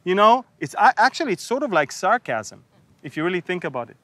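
Lively high-voiced man preaching. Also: fast talker, dry recording. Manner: humorous, acts out biblical figures with sarcasm and laughter. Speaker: Bible teacher. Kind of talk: sermon.

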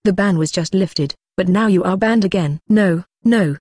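A cheerful, talkative male ninja leader who laughs at everyone, as read by an even text-to-speech voice. The sound is dry and close, and the delivery stays level. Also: medium pitch, normal speed, dry recording, natural voice. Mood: amused. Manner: laughing and chatty.

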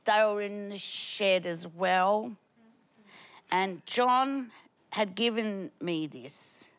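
A woman comedian telling a rambling, halting story on a panel show, laughing as she goes. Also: medium pitch. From Australia.

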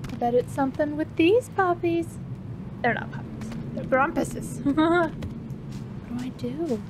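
A woman commenting on her gameplay, gasping often and repeating excited exclamations. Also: sits high, measured pace, noisy background. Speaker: let's play gamer. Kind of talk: let's play commentary. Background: game music.

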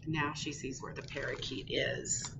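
Slow, animated librarian reading to kids. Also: female voice, extremely low pitch, gravelly. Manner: animated, sing-song reading to children. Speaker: children's librarian. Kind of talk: virtual storytime read-aloud. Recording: distant, dull recording with loud background hiss.

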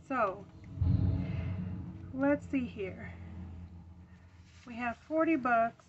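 A woman's voice: a little high, dull audio, slight background noise. A young woman vlogging at home about her budget, chatty with many ums, out of breath as she counts bills aloud. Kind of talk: casual budgeting talk while counting cash.

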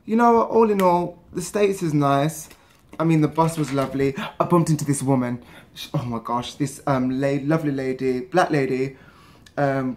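A man's voice: a little high, darkish tone. A young man from England, chatting casually and rambling in a travel vlog. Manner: chatty, rambling, lots of fillers. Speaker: vlogger.

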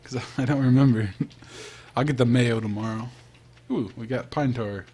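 A man's voice: medium pitch, moderate pace, warm tone, slightly rough. A man giving casual, chatty gameplay commentary, thinking aloud and trailing off as he plays. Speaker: let's play host.

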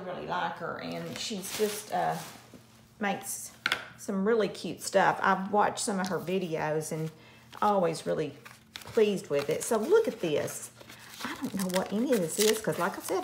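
A woman chats through a craft unboxing in an unhurried way, gushing and exclaiming with delight. A faint hiss sits behind her home recording. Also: fairly low pitch, gravelly. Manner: gushing, effusive, frequent gasps and "oh my gosh". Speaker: craft channel host. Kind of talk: casual unboxing chat.

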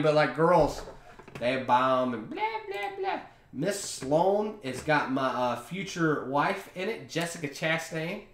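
A man's voice: a little high, very animated, a little slow. A young man hosting a podcast, chatting in a rambling, offhand way over a beer. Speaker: podcast host. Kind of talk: casual chat. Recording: roomy echo.

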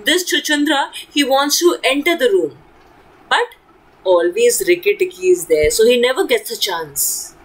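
A high-voiced woman teacher explaining a story. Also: lively intonation, a little slow, breathy edge, low-quality recording. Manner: explains in simple words, asks questions, says okay often.

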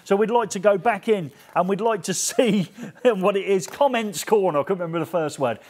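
A man's voice: high-pitched, normal speed. A man hosting a trade show, chatting casually with jokey banter. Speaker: show host. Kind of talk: casual chat.

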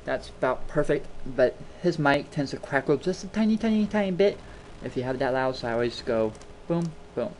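Talking into a desktop mic at his home computer, a man hosts a casual screen-recording tutorial in a medium-pitched voice, brisk with hardly any pauses. He's chatty and rambling and repeats words for emphasis, over a little hiss or hum.

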